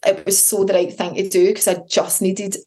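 Woman, podcast host, solo storytelling, chatty and candid, mid pitch. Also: little pitch movement, moderate pace, dark tone. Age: adult with children. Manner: chatty, candid, acts out quoted voices.

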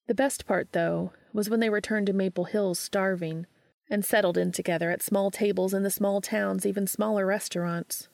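A woman narrating a story aloud in a steady, measured way. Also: medium pitch, creaky, dry recording.

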